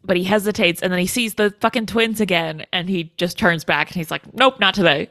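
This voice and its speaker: A woman's voice: on the low side, fairly even intonation, fairly quick, a bit bright, dry recording. A woman co-hosting a podcast in casual chat, blunt and outraged, swearing freely. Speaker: podcast co-host.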